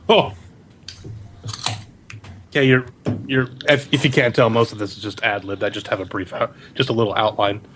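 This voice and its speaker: A man's voice: on the low side, fairly even intonation, moderate pace, pauses often, fairly bright tone, a little hiss or hum. Laid-back man running a tabletop game. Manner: casual, laughs often. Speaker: game master. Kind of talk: tabletop game narration, ad-libbed.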